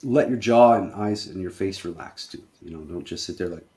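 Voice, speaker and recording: A man's voice: low-pitched, a little fast. A man teaching movement exercises in a loose, profane way, talking learners through each step. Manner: loose and profane, acts out worry and whooping excitement. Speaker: movement instructor. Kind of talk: guided exercise instruction. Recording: echoey room, voice from off-mic.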